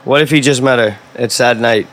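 A man's voice: mid-range voice, a little fast, over a noisy crowd. A man co-hosting a podcast, joking and tossing out provocative questions. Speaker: podcast co-host. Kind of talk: casual podcast chat.

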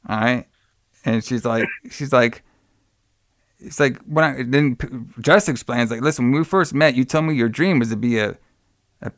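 A man's voice: mid-range voice, normal speed, a bit bright, no echo, clean studio sound. A man co-hosting a casual podcast, retelling a horror film in a loose, rambling way, swearing freely and acting out the characters' lines. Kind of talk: casual chat.

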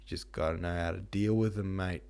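A crude foppish young nobleman from a storybook, as a narrator puts him on with his own low voice. He banters in slangy, coarse lines. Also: steady tone, normal speed, gravelly, darkish tone.

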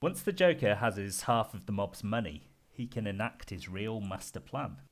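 A man's voice: fairly low pitch, fairly bright tone, slight background noise. A British man hosting a podcast panel, mixing casual chat with wry scripted segments and frequent laughs. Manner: wry, laughs often, dry asides. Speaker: podcast host.

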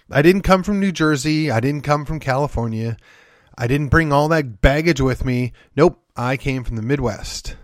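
A man's voice: medium pitch, no echo, studio quality. A man from Wisconsin hosting his own podcast, delivering an opinionated political monologue in a folksy, emphatic, sardonic way. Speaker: podcast host.

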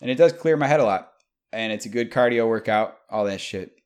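Young dude ranting and cussing in a casual chat, kinda low voice. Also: male voice, fairly quick, clean tone. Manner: profane, animated storyteller.

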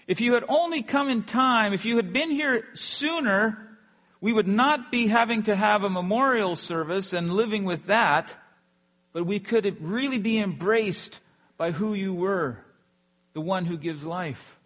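A preacher puts on grieving sisters who plead with Jesus, pushing his pitch up as they repeat the same plea again and again. It stays close to his own voice, only a little higher. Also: unhurried, fairly bright tone.

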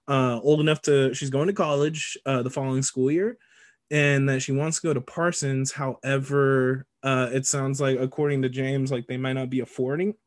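A man co-hosting a casual movie podcast, recapping scenes in a lively, joking way with frequent laughs and casual swearing. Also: mid-range voice. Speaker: podcast co-host.

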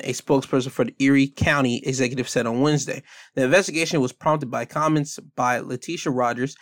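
A man's voice: mid-range voice, fairly bright tone, no room sound, clean studio sound. A man giving a blunt, heated opinion rant as a commentator, speaking emphatically.

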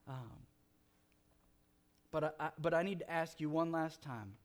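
A man preaching as a pastor, leading the congregation into an earnest closing prayer with emphatic pleas. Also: a little high. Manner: earnest, slow and emphatic, rising to fervent pleas.

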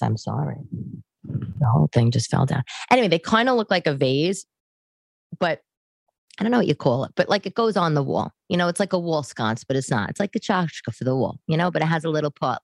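Low and creaky, the voice belongs to a podcast host in her thirties from New York who talks to the camera in her living room. She rambles and pokes fun at herself, recorded on a home camera setup with no room sound.

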